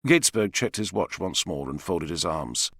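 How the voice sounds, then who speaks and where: A man narrating an audiobook in an expressive, dramatic style. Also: low voice, moderate pace, breathy edge, no echo, clean studio sound. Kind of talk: scripted narration.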